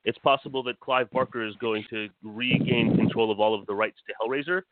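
A man's voice: medium pitch, steady tone, noisy background. Hesitant man reading horror news. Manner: hesitant, many "uh" pauses. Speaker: podcast co-host reading news. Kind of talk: casual news rundown. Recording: dry phone-like line.

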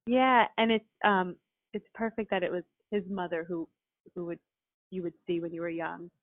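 A woman's voice: lowish voice, moderate pace, no echo. A woman hosting a casual interview, encouraging her guest and often affirming with short replies. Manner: warmly encouraging, frequent affirmations. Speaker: podcast host. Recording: tinny phone line.

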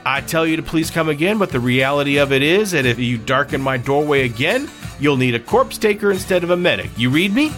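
A man voicing a gruff, protective female bar owner who warns troublemakers sternly. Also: a little high, lively intonation, a little fast, few pauses, fairly bright tone, soft background music, pitched above the performer's own voice. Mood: threatening. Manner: stern, warning.

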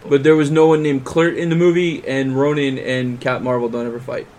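A man's voice: mid-range voice, level tone, fairly quick, darkish tone. Dry, exasperated podcast man. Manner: dry, exasperated, steers back to topic. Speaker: podcast co-host. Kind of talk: casual banter about movies.

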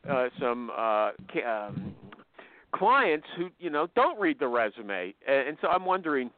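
Lively excitable man on a phone line. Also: medium pitch, unhurried, no echo. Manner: rambling, excitable, jumps into funny voices. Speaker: podcast host. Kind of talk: casual chat with ad read.

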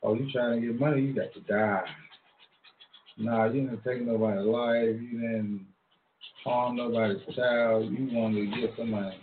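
A man's voice: mid-range voice, fairly even intonation, a little slow, a little hiss or hum. A man from Long Island, New York, hosting a casual, slangy street-talk monologue in a laid-back drawl. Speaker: show host. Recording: echoey room over a tinny phone-like line.

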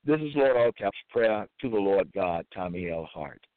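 A man preaching alone, reading scripture verses aloud in a slow, formal, deliberate cadence. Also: deep voice, animated, dry recording. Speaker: self-styled religious preacher. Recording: tinny phone-like dry audio.

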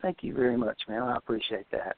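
A man's voice: mid-range voice, steady tone, no room sound. Man reading poetry over a phone line. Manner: measured when reading, friendly and joking. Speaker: caller. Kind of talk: poetry reading and casual chat.

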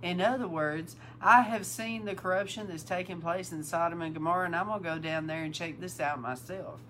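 Woman reading scripture with lively asides. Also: on the low side, brisk, slight background noise, low-quality recording. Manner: reads King James passages aloud, then comments with animated amusement. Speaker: host and Bible teacher.

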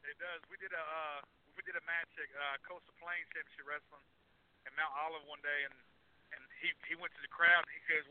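Wrestler guest, male, high voice, phone-line audio, chatty storyteller who trips over words. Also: fairly quick. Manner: animated storyteller, laughs, stumbling restarts. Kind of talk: casual storytelling interview.

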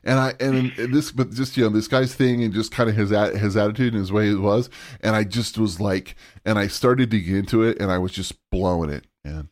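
A middle-aged man with a lowish voice hosts a relaxed interview. He tells stories with animated energy, laughing often and putting on voices for the people he quotes. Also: fairly quick, few pauses, no room sound, clean studio sound. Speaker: podcast host. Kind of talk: casual interview storytelling.

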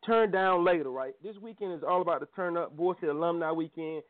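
A man's voice: a little high, fast talker. A man hosting a casual morning show, laid-back and slangy. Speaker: radio show host. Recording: tinny phone-like audio.

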